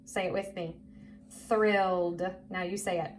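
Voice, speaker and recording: At a measured pace and in a steady, fairly low voice, a woman teaches phonics to young children. Patient and encouraging, she draws each word out for them to repeat while faint background noise lingers.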